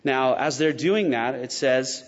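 A man's voice: medium pitch, measured pace. A pastor delivering a conversational sermon and acting out the quotes he tells, recorded in a church sanctuary. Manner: conversational and animated, acts out quotes. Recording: muffled sound with long reverb in a large hall.

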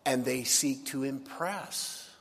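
Animated preaching man in a reverberant hall. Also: mid-range voice, takes it slowly, vocal fry. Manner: animated, acts out complaining voices. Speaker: pastor. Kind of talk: sermon.

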